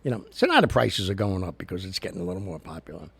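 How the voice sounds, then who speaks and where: A low, gravelly man with a husky edge, chatting off the cuff to his online audience. He rambles from topic to topic and gets worked up when he rants. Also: quick pace. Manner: rambling, chatty, animated ranting. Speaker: host. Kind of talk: casual livestream monologue. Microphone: studio recorder mic.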